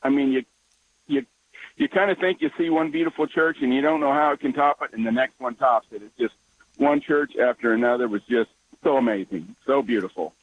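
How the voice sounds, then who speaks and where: A man's voice: medium pitch, fairly quick, a little hiss or hum. A man calling into a radio show, earnest and enthusiastic. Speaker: caller. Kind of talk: phone-in conversation. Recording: dull lo-fi radio call.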